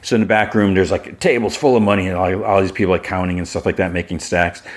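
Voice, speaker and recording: A man with a low, deep voice talks through a story recap in a loose, unscripted way. He strings events together with fillers and relays what the characters say without much fuss. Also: fairly even intonation, fast. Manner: rambling retelling, full of fillers like "like" and "you know". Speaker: podcast host. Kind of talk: casual episode recap.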